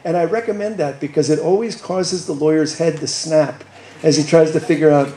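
A man's voice: fairly high pitch, steady tone, fairly quick, mellow, echoey room, a little hiss or hum, rough recording. A man in his sixties giving a public lecture at a college, wry and teasing but earnest. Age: 60s. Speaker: guest speaker.

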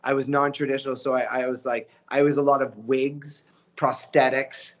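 A man, a voice actor telling stories as an interview guest, animated and slipping into character voices. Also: medium pitch, normal speed. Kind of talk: casual storytelling interview.

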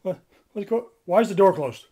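A woman voicing a boastful, excitable male bird leader in a toy play-acting video, loud and giggly. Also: mid-range voice, moderate pace, lightly acted. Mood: nervous squealing.

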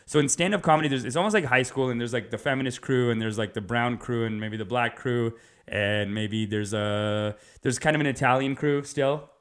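A male stand-up comedian delivering a rambling comic monologue in a casual, animated way, digressing often and swearing freely. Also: mid-range voice, brisk.

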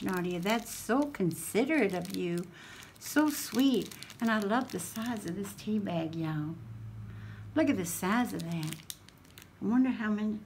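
A woman's voice: mid-range voice, expressive, a little slow, a little mellow, a little hiss or hum. A woman, hosting a craft channel and chatting casually as she unboxes a gift, exclaiming over each item.

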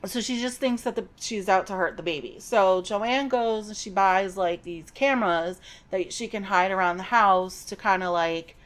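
A woman's voice: mid-range voice, normal speed, hardly any pauses. A middle-aged woman hosting a podcast, giving a chatty, digressive recap of a novel with personal asides. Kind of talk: casual book recap.

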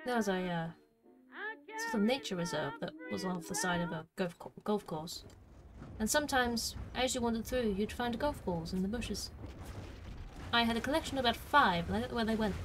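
A woman's voice: medium pitch, fairly quick. A woman streaming a video game, chatting playfully and talking to herself as she plays. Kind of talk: gameplay commentary. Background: game music.

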